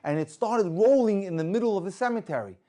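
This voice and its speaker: A man telling an inspirational religious story with lively delivery, acting out the people in it. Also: sits high, fast. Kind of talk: inspirational story told to an audience.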